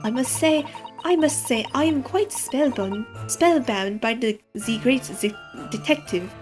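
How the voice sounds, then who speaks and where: A theatrical French museum owner, voiced by a woman, stumbling and repeating her words in a put-on French accent. The voice sits a little high. Game music plays underneath. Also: animated, unhurried, darkish tone.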